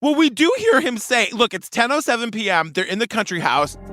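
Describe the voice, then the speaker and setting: A man's voice: extremely high pitch, very animated, a little fast, pushed and bright, no room sound, studio quality, soft background music. A man co-hosting a podcast in casual chat, joking with crude quips and laughing often. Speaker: podcast co-host. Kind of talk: casual chat recapping a true crime show.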